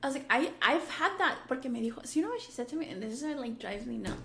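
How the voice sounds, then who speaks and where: A woman in her thirties co-hosting a podcast, telling stories in a relaxed way, mixing English and Spanish and saying "like" often. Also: a little high, rapid-fire, vocal fry. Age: 30s. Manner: relaxed storytelling, mixes English and Spanish, peppered with "like". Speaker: podcast co-host. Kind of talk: candid casual chat. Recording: echoey room with faint background noise.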